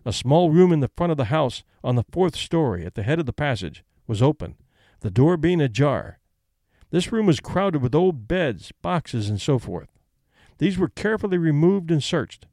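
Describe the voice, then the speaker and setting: A man narrating a classic short story aloud, reading witness testimony in a measured, deliberate way. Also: fairly high pitch, very animated, dark tone, no room sound, studio quality.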